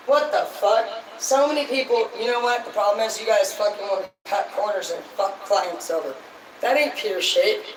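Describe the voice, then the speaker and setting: A woman rambles bluntly through a casual livestream, swearing constantly. Her voice sits far from the mic in a roomy, echoing space. A clear layer of background noise runs underneath. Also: medium pitch. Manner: blunt, heavily profane, rambling. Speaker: livestream host. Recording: echoey, distant mic, noisy background.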